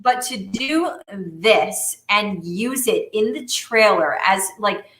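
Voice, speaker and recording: A woman co-hosting a podcast, chatting casually in an animated, emphatic way. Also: mid-range voice, takes it slowly. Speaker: podcast co-host. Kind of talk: casual chat. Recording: roomy echo.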